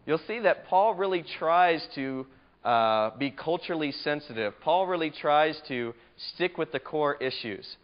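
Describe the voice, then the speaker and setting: A man's voice: on the high side, expressive, measured pace. A man teaching a Bible study lecture in a conversational, emphatic way, asking his class questions, on a muffled lo-fi recording.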